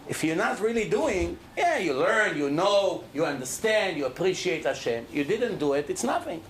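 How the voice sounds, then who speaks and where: A middle-aged rabbi giving a lively Torah lecture to a live audience, speaking emphatically and throwing questions at the listeners. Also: male voice, high voice, normal speed, a little hiss or hum.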